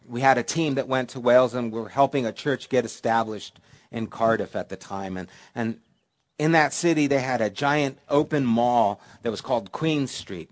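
Pastor, hushed to emphatic. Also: male voice, medium pitch. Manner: preacherly, swinging from hushed to emphatic. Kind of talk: sermon.

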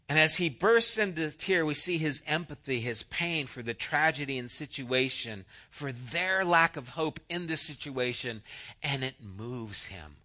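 Man, pastor, sermon delivery: slow, bright and slightly high, loud emphasis dropping to hushed asides. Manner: storytelling, swings from loud to hushed. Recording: church sermon audio.

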